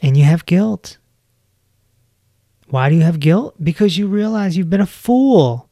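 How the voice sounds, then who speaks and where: Slow, gentle man in his forties. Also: high voice, expressive, no room sound, clean studio sound. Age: 40s. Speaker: podcast host. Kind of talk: reflective self-help talk.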